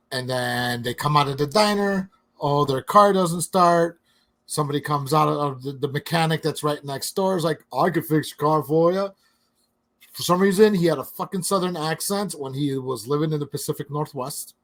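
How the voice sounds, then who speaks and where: A man's voice: a little high, fairly bright tone. A man co-hosting a movie review podcast, sarcastic and blunt, swearing freely. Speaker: podcast co-host. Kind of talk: casual movie review chat.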